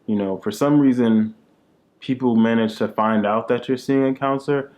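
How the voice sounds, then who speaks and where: With a mid-range, slightly mellow voice and fairly even intonation, a young man speaks at normal speed while co-hosting a laid-back chat with his wife. He keeps things joking and frequently tacks on "man."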